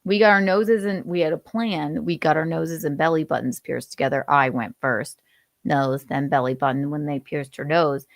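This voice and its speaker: A woman's voice: sits low, steady tone, normal speed, creaky, no room sound, clean studio sound. A young adult woman hosting a casual live stream, reading news aloud with frequent laughs and some swearing. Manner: giggly, profane, chatty. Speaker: host.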